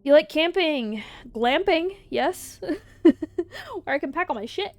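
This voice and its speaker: A woman's voice: sits high, expressive, slow, a little mellow, no echo. A woman streamer in casual livestream chat, answering viewer questions, laughing often and swearing freely.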